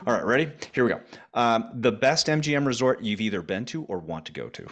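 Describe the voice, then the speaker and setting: A man hosting a sports business podcast, asking questions in a playful, lively way. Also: mid-range voice, fast talker. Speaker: podcast host. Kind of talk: podcast interview and outro.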